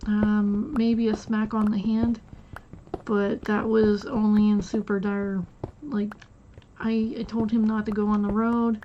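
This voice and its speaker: A woman's voice: mid-range voice, level tone, slow pace. A woman streamer telling a rambling personal story in casual chat, acting out the quotes of each person in it. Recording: dull lo-fi sound with faint noise.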